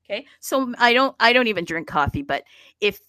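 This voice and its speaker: A woman hosting a casual online chat, talking in a chatty, animated way with many restarts. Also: fairly high pitch, brisk, dry recording, low-quality recording. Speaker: host.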